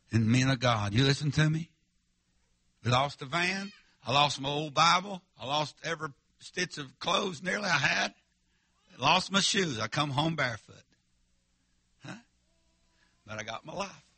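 Bright-voiced preacher man. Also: medium pitch, slightly rough, no room sound. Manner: folksy, emphatic, calls out to the congregation. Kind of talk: revival sermon storytelling.

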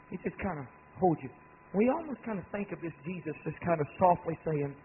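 A man preaching a sermon, building to shouted climaxes and then dropping low and soft. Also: lively intonation, quick pace. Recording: tinny phone-like radio broadcast with faint noise.

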